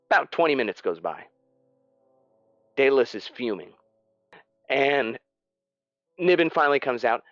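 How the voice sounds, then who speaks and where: A man's voice: medium pitch, big pitch swings, measured pace, long pauses, fairly bright tone, no echo, muffled recording, soft background music. A man narrating as game master of a tabletop game, in a casual, loose style with fillers.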